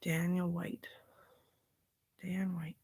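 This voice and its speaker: A woman's voice: fairly low pitch, little pitch movement, drawn-out words, darkish tone, breathy edge. A woman talking in a loose, drifting casual monologue, often sinking into a whisper.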